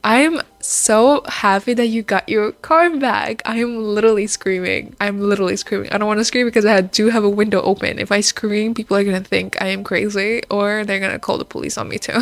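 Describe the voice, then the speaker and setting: A woman's voice: mid-range voice, dry recording. A woman hosting a reaction video, reading stories aloud and commenting in a chatty, emphatic way to her viewers. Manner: chatty and emphatic, quick laughs, talking to viewers.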